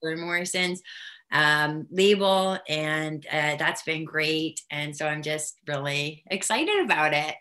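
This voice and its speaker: A woman in her fifties, a stand-up comedian, chatting in a relaxed, laid-back way as a guest on the line. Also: sits low, a little slow. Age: 50s. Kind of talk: casual interview chat. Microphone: phone line.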